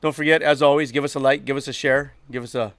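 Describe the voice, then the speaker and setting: A man's voice: mid-range voice, steady tone, fast talker, a bit bright. A man co-hosting a podcast, chiming in with joking, teasing remarks. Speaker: podcast co-host. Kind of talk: casual chat.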